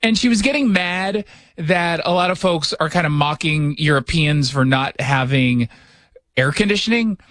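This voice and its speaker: Man, radio talk host, sarcastic, joking, high-pitched, dry studio sound. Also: expressive, moderate pace, a bit bright, no echo. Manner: sarcastic, joking, rhetorical questions. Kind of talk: casual political commentary chat. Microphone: studio mic.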